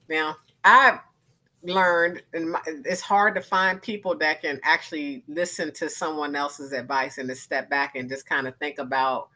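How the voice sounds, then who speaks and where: An animated woman in her fifties, speaking candidly as a panel guest. Her voice is bright and forceful, and she keeps slipping into lively impressions of the people she quotes, laughing as she goes. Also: low-pitched, fairly quick, low-quality recording. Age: 50s. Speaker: arts organization founder, guest speaker.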